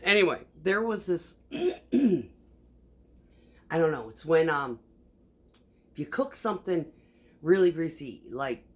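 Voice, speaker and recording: A woman's voice: low-pitched, big pitch swings, slow pace, pauses often, breathy edge. A woman vlogger chatting casually at home, rambling, swearing a lot and laughing often. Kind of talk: casual chat while sewing. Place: home kitchen.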